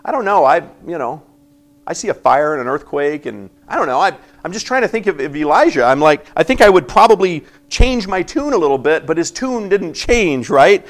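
A man preaching a sermon, reading scripture aloud and acting out the voices in it, swinging from loud emphasis to quiet asides. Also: on the high side, a little fast. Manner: animated preaching, acting out biblical voices with sudden quiet drops. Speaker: pastor.

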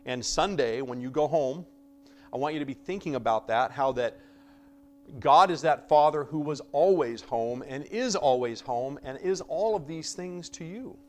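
A man preaching a conversational sermon, swinging between loud emphasis and soft asides and acting out quoted voices with humor. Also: fairly high pitch, expressive, normal speed.

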